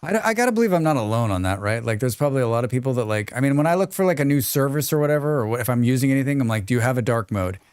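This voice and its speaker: A man's voice: mid-range voice, lively intonation, racing, few pauses, darkish tone, smooth, dry recording. A man streaming a survival game live, talking to himself in a casual, joking, grumbling way as he plays. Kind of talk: casual live gameplay commentary.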